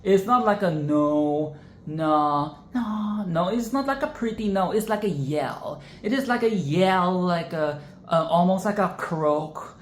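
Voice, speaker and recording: A woman's voice: fairly low pitch, animated, slow pace, slight background noise. A woman hosting a casual singing lesson, chatty and self-interrupting, who often breaks into sung and exaggerated vocal demonstrations. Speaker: singing tutorial host. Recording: echoey room.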